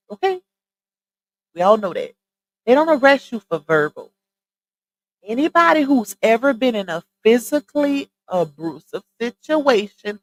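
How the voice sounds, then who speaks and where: A woman with a Southern Louisiana accent hosting a live stream, chatting casually and straight to her viewers on a boom-arm mic. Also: poor audio. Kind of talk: casual chat. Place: home streaming setup. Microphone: side-mounted boom arm mic.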